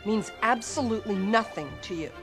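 An actress playing a middle-aged therapist mother arguing with her teenage daughter, calm and clinical at first, then sharp. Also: mid-range voice, a little fast, over music, lightly acted. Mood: patronizing. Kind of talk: film drama acting.

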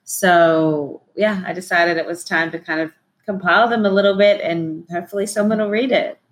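An Australian woman with a notably low voice tells her story as a podcast guest. She talks in a relaxed, chatty way and laughs easily. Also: normal speed. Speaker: guest journalist. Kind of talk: casual interview chat.

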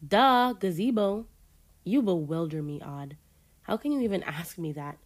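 A woman reading aloud and voicing a bossy, teasing young woman who is the older sister, a little higher and louder than her narration. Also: expressive, unhurried. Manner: bossy and playful, mock-proud.

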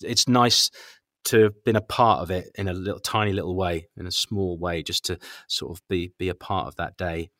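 A man with a lowish voice tells old stories in a loose, rambling way, often restarting his sentences and chuckling as he remembers. The sound is close and dry, with no room around it. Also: fairly even intonation, normal speed, fairly bright tone, no echo. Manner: rambling, with self-corrections and chuckles. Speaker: former radio commentator, guest. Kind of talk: reminiscing interview chat.

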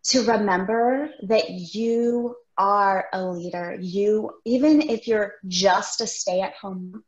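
An earnest woman in her thirties talks in a casual, encouraging way, telling a story with animated warmth of feeling. Her voice is mid-pitched and sounds roomy, with a slightly dull, muffled recording. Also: slow. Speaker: podcast co-host. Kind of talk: casual conversational talk.

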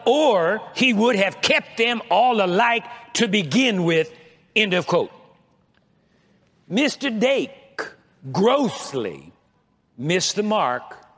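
In a large church hall with long reverb, a pastor delivers his sermon in a high, expressive, unhurried voice with a fairly bright tone. He leads the congregation in call-and-response, repeating himself and stammering through restarts as he drives each point home.

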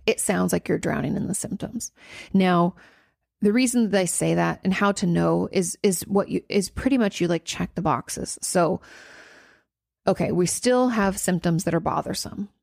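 Gravelly-voiced woman therapist, rambling. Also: fairly low pitch, normal speed, a little mellow, no room sound, clean studio sound. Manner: rambling, emphatic, repeats herself with restarts. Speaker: therapist and podcast host. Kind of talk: casual podcast advice talk.

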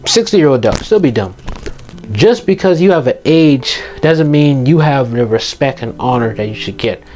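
Over soft background music, a teenage boy with a mid-range, darkish voice and lively intonation speaks at normal speed. This youth vlogger delivers passionate, emphatic advice to his viewers in an earnest motivational monologue, repeating his key points.

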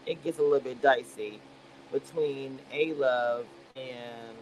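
A man's voice: mid-range voice, slow pace, background noise. A man casually recapping a reality show on a livestream, telling it animatedly with playful slang and acting out what people said. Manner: animated storytelling, dramatic voicing of quotes. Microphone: livestream webcam mic.

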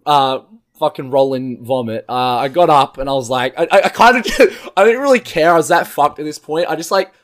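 A young man with a fairly high voice tells a chaotic party story among friends. He rambles and swears freely. He speaks in a casual, animated chat tone. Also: fairly quick. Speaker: podcast co-host telling a story.

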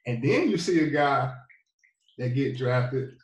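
A man's voice: medium pitch, animated, slow pace. A man from North Carolina, a pro football player, telling his story as a guest in a laid-back, rambling way full of fillers. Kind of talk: casual storytelling. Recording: roomy, distant from the mic.

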